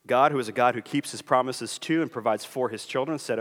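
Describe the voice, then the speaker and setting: A man's voice: medium pitch, animated, brisk, few pauses, in a large hall. A man preaching a sermon in earnest, walking through scripture and briefly acting out the voices of the people he quotes. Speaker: pastor.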